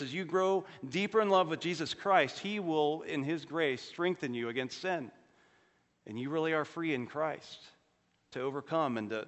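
A pastor preaches a sermon earnestly, his voice rising for emphasis and sinking low and quiet on solemn points. The recording carries a long hall reverb.

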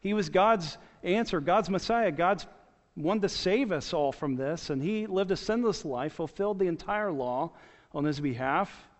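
A man with a high, expressive voice preaches a sermon as a pastor, speaking a little slowly. He is earnest, repeats his key points, and restarts phrases. The sound is dull, with a long church reverb.

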